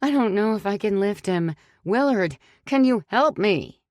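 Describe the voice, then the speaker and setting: A woman voicing a panicked woman covering up a crime, talking in frantic, shrill, breathless bursts. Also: lively intonation, normal speed, darkish tone, no echo, studio quality, lightly acted.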